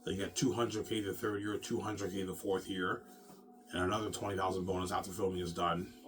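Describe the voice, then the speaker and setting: Noise fills the background as this man, a self-published author and vlogger, addresses his viewers head-on. His low voice holds a level tone and moves a little fast through a rambling rant full of swearing and repetition, returning again and again to the same points.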